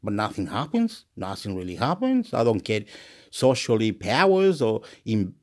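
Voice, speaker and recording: A man's voice: lowish voice, very animated, moderate pace, darkish tone. A man rambles through a stream-of-consciousness vlog. He repeats his words and leaps between topics. Laughter keeps slipping into his talk. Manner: rambling, repetitive, laughs often. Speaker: YouTuber.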